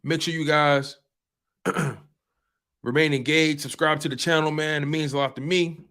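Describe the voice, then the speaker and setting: A man's voice: on the high side, fairly even intonation, a little slow, fairly bright tone. Passionate man hosting a sports talk show. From US East Coast. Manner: passionate, emphatic, repeats phrases for effect.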